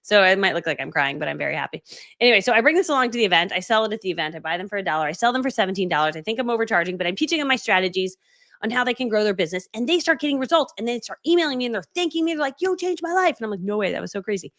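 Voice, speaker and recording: A woman speaks quickly and brightly on a livestream, recounting her journey with lively, acted-out dialogue. Her pitch sits in the middle of the range. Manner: animated, acts out quoted dialogue. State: watery eyes. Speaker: online business coach. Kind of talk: casual livestream storytelling.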